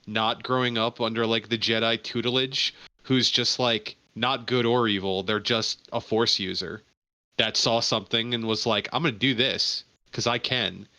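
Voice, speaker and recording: A man co-hosting a casual gaming podcast, excitable and quick to defend the things he likes. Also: mid-range voice, dry recording. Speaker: podcast co-host.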